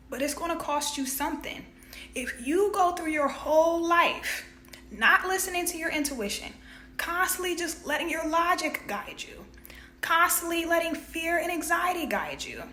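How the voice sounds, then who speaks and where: Bright-voiced, high woman telling her story. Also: a little hiss or hum. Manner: earnest, emphatic, acts out her inner voices. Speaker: spiritual life coach. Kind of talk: personal storytelling to camera. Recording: roomy echo.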